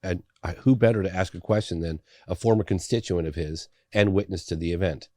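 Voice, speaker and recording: A middle-aged documentary filmmaker tells a story as a podcast guest, animated and loose with filler words. His voice is low and fairly quick. The studio-quality recording has no echo.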